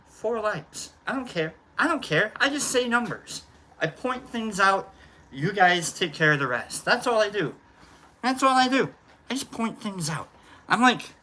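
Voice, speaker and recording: A man's voice: very high voice, expressive, normal speed, pushed and bright. Joking man greeting his live-stream viewers. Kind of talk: casual live-stream chat.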